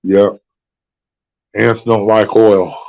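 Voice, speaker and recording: A low-voiced man with a drawl talks easily and without hurry. The sound is dull and lo-fi. He chats with a folksy, unhurried manner. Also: flat delivery, creaky, darkish tone. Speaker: live stream host. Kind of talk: casual chat. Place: hospital room.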